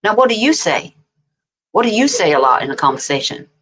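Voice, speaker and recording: A woman's voice: medium pitch, big pitch swings, fairly quick, fairly bright tone, husky. A woman with an English accent, chatting casually and rambling on a livestream, laughing often. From England.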